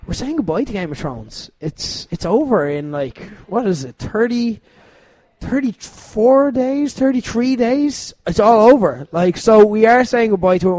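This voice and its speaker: A man hosting a podcast, talking in an animated, casual way and swearing freely. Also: high-pitched, no room sound. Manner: animated, swearing, laughing often. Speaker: podcast host. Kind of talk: casual chat.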